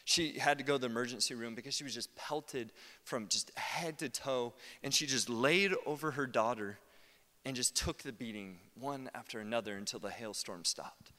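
American pastor preaching in a reverberant hall. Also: male voice, mid-range voice, moderate pace. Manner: conversational, animated, with asides. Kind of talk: sermon.

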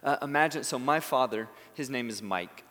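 A male pastor delivers a sermon in an earnest, pleading way. His voice sits in a middle pitch, climbing to emphatic bursts and then falling to near-whispered phrases. The sound carries a long reverb, as from a church sanctuary. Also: normal speed. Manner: earnest, building to emphatic peaks then dropping soft.

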